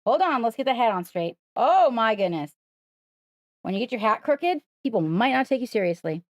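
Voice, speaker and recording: A woman's voice: on the high side, sing-song, moderate pace, no echo, studio quality. A woman hosting a live stream, coaxing and praising her pet in playful sing-song talk. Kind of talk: live-streamed casual chat.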